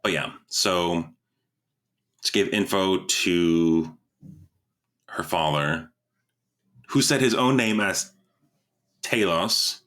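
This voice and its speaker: Podcast co-host: man, very low voice, rambling casual chat. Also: extremely slow, long pauses, fairly bright tone. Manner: rambling, stumbles over words, laughs often.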